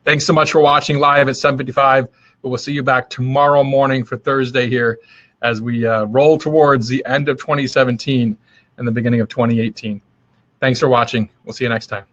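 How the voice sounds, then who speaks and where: Hosting his daily live video, a man gives a casual motivational talk, friendly and rambling, full of fillers and restarts. His medium-pitched voice is fairly bright, a little fast, and fairly even in intonation. The recording is muffled.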